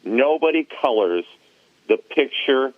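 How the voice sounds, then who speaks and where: A man in casual podcast chat, an animated storyteller recalling his years as an arena announcer. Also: medium pitch, measured pace, no room sound. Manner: animated storyteller, laughs at his own tales. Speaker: former arena announcer, guest. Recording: tinny phone line, dry.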